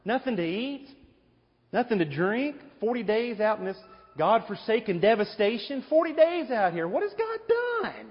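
A man's voice: extremely high pitch, big pitch swings, moderate pace, voice pushed up. A man voicing the devil as a sly male tempter who needles with mocking questions, in an echoey hall on a dull, lo-fi recording. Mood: taunting.

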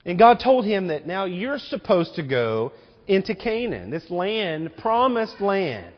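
Animated preaching man in a reverberant church. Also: high-pitched, a little slow. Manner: animated preaching with rhetorical questions. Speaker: pastor. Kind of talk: sermon. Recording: muffled recording with long hall reverb.

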